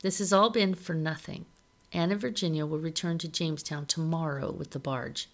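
A woman reads a novel aloud in a steady, measured way. Her voice sits low, with a gravelly fry at the edges of phrases. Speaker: reader of a novel.

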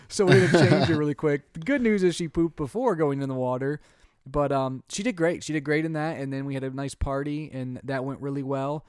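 A man in his thirties, a podcast co-host and father, chatting casually and telling animated stories. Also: a little high, brisk, smooth, no room sound, studio quality. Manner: chatty, animated storytelling with quoted voices. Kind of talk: casual chat.

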